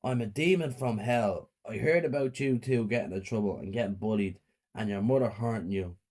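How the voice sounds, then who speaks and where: A man voicing a male demon from hell, speaking slowly and evenly. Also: on the low side, darkish tone, lightly acted. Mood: calm. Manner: slow, measured delivery.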